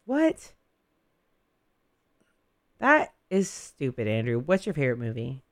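A man hosting a radio show, teasing his guest with crude, quick-fire banter. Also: mid-range voice, wildly swooping pitch, dry recording, clean studio sound. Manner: crude, teasing, rapid tangents. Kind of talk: casual banter.

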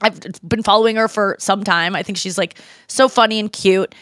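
A woman in her forties, a podcast host telling a story in casual chat, animated and slipping into quoted voices. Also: medium pitch, moderate pace, no echo, clean studio sound.

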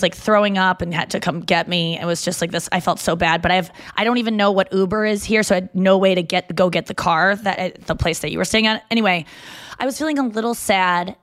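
A woman's voice: mid-range voice, a bit bright, no echo, studio quality. A woman in her thirties co-hosting a podcast in casual chat. She is chatty and self-mocking and often laughs. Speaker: podcast co-host. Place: staying in a tropical island town.

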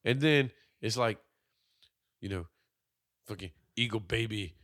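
A man's voice: lowish voice, measured pace, fairly bright tone, dry recording, studio quality. A man in casual movie-riffing chat, profane and joking, trading bits with a co-host. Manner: profane, joking, slips into mock voices.

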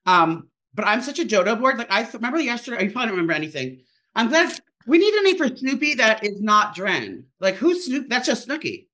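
A man's voice: high-pitched, sing-song, sharp tone. A man co-hosting a podcast, rambling through stories in casual chat from his kitchen. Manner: rambling storyteller, fast and chatty. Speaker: podcast co-host. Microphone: home microphone.

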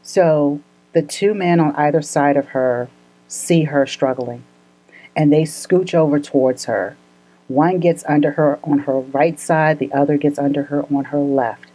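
A woman with a low voice tells a story in casual podcast chat. Her tone is soft and mellow, and she speaks earnestly with frequent laughter. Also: unhurried, poor audio. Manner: earnest, laughs often, gets emotional.

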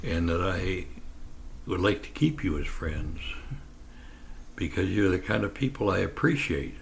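A man in his nineties speaking slowly and earnestly as an interview guest, drifting into long stories. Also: low-pitched, animated, creaky, a little hiss or hum. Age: 90s. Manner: slow, earnest, warm-hearted, drifts into anecdotes. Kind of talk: reflective storytelling in conversation.

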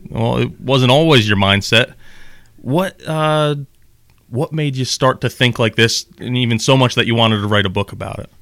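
A man's voice: mid-range voice, normal speed, fairly bright tone, no echo. A man hosting a casual podcast interview, asking questions with some hesitation. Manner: friendly, asks questions with hesitations. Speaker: podcast host.

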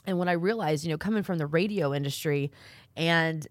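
A woman hosting a podcast, speaking openly with strong feeling and tripping over her words as she goes. Her voice is fairly low for a woman. It is recorded close and dry in a studio. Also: brisk, no echo. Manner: emotional, stammers and repeats words. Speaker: podcast host. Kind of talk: casual podcast conversation.

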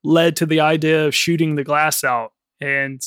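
A man co-hosting a film podcast in casual chat, rambling with lots of fillers and quick laughs. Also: fairly high pitch, flat delivery, fairly bright tone, clean tone, dry recording. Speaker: podcast co-host.

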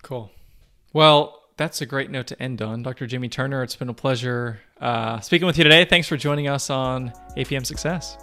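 A man's voice: mid-range voice, moderate pace, bright, forceful tone, faint music behind. A man hosting a podcast, asking questions and closing the show in a friendly, polished way. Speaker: podcast host. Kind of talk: podcast interview and outro.

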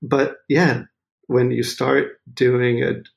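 Gravelly guy from maine telling stories, laughs a lot, does everybody's voices. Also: mid-range voice, takes it slowly. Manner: laughing, animated storyteller acting out quotes. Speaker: photographer guest. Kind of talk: casual interview storytelling.

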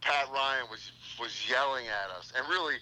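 A man's voice: mid-range voice, normal speed, bright, forceful tone. A middle-aged man calling in for a casual chat, rambling eagerly through old stories. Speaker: guest on the phone. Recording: tinny phone line.

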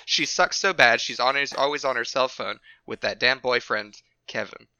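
Bright, goofy man joking around. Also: mid-range voice, moderate pace, clean tone, no room sound, muffled recording. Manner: goofy, swears, jokey asides. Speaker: podcast co-host. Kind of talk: casual comedic chat.

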